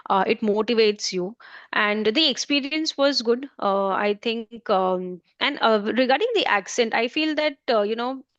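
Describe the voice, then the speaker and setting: A woman's voice: fairly high pitch, a little slow, no room sound. Indian woman, language trainer, rambling answers, dry close sound, a little dull. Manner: rambling, many fillers and restarts. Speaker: guest, German language trainer. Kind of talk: interview answers.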